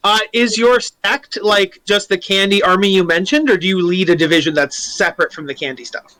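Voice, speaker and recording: A man bantering and joking at a tabletop game, animated and laughing a lot. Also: high-pitched, a little fast. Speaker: player.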